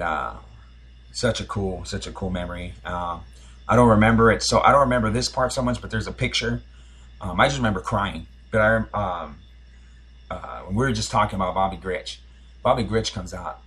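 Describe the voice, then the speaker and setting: A man in his forties with a slightly low, husky voice tells a long story on a podcast. He rambles and restarts often, circling back with fillers as he goes. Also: a bit bright. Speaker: podcast host. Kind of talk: casual storytelling.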